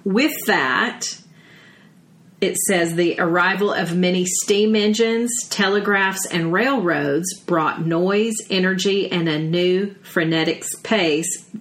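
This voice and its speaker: A woman with a Southern US accent talks in a chatty, animated way and throws in folksy exclamations. Her voice sits a little low. She co-hosts a casual podcast and now and then reads from an article. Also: slow pace. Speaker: podcast co-host. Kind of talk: casual chat, reading from an article.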